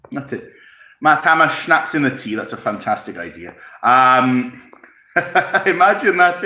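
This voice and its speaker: Welsh man, rambling live-stream host, bright voice, chuckles between comments. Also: mid-range voice. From Wales. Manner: rambling, chuckling, pauses to sip tea. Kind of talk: casual live chat reading comments. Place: his home. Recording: echoey room.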